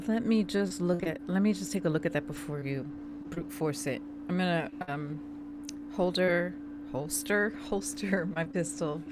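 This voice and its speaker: A woman player in a tabletop game, talking quickly and correcting herself. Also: fairly low pitch, noisy background.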